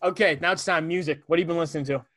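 Joking young man, bright voice. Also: fairly high pitch, very fast, soft background music. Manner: joking, teasing, excitable. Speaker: podcast co-host. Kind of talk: casual chat.

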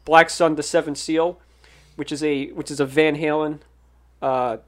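A man with a slightly raised pitch tells behind-the-scenes stories in a loose, rambling flow. He circles back with "so" and "uh" and breaks into easy laughter between anecdotes. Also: little pitch movement, measured pace. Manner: rambling, filler-heavy, laughs often. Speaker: podcast guest, filmmaker. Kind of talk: casual chat.

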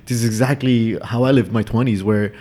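A man's voice: medium pitch, steady tone, brisk, a little mellow. A man around his thirties in a casual podcast chat, reflective and confessional, often repeating words.

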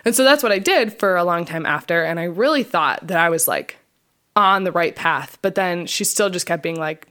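A woman's voice: fairly low pitch, expressive, moderate pace, bright, forceful tone. A young adult woman, a podcast co-host, casually telling her personal testimony in a chatty way, full of fillers and re-enacted quotes of her past self.

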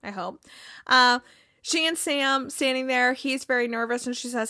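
Brief: young woman, recap host, bright and lively, slightly high, dry close sound. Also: normal speed, no room sound. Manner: chatty, acts out characters' lines, frequent fillers and laughs. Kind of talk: casual episode recap.

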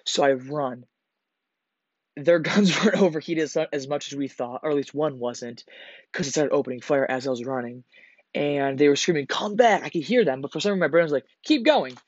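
A man's voice: medium pitch, brisk, no room sound, dull audio. A young man telling a personal war story in a casual, rambling podcast manner, swearing often and restarting his sentences. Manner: rambling, profane, with frequent restarts and fillers. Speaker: podcast host.

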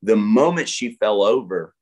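A male pastor speaks as a guest, retelling an event with animated energy and plenty of fillers and restarts. His voice sits fairly low. He acts out what people said as he goes. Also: moderate pace. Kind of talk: storytelling testimony in an interview.

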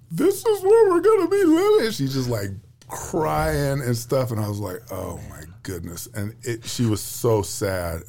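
Man, 50s, retiring general guest, easygoing storyteller, slightly low voice. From United States. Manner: relaxed, chatty, lots of fillers and restarts. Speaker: retiring Air Force general, podcast guest. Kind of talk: casual storytelling interview.

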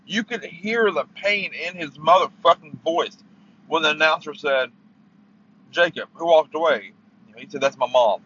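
A man's voice: sits high, sharp tone, husky, lo-fi sound. A man hosting his own podcast, ranting angrily about sports with heavy swearing and stammering, recorded in a parked car. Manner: profane, heated, stammering. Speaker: podcast host. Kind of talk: angry sports rant.

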